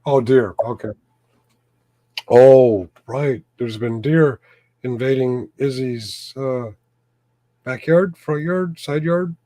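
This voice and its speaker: A man's voice: mid-range voice, slow pace, pauses often, warm tone, no echo. Joking man hosting a live chat. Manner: joking, chuckling, throat-clearing. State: losing his voice. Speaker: host of a live chat show. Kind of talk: casual live-stream chat.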